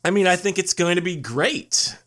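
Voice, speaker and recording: A man's voice: high voice, moderate pace, fairly bright tone. A man co-hosting a podcast in casual chat, teasing dryly and often restarting his sentences. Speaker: podcast co-host.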